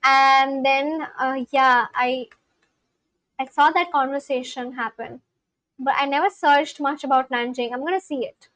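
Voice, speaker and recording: High-voiced woman chatting on a live stream. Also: fairly even intonation, measured pace, a bit bright, no echo, rough recording. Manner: chatty and reactive, with frequent restarts. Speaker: live streamer learning a language. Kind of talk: casual live-stream chat, reading viewer messages aloud.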